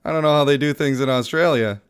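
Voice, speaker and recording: Sick guy streaming a mobile game, joking with chat, smooth clear voice, mid pitch. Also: quick pace. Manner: playful, jokey, chatting with viewers. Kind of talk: casual live-stream commentary.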